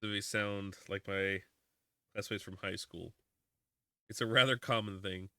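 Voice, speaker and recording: A man's voice: on the low side, fairly even intonation, measured pace, sharp tone, smooth, no room sound. A man with a Southern US drawl, chatting casually on a live game stream, rambling and reading viewers' comments aloud. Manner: rambling, restarts often, reads chat aloud. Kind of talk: casual live-stream chat while playing.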